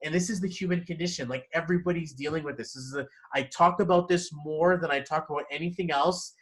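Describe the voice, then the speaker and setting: A man giving a casual one-on-one numerology reading, animated and quick to laugh. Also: a little high, rough recording. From Canada. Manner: animated, laughs often, acts out inner voices. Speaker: numerology consultant.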